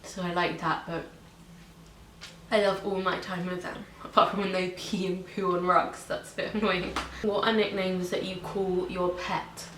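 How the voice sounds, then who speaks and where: Low, flat-voiced young woman vlogging. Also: normal speed. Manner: chatty, many ums and likes. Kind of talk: casual pet tag video. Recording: echoey room with faint hiss.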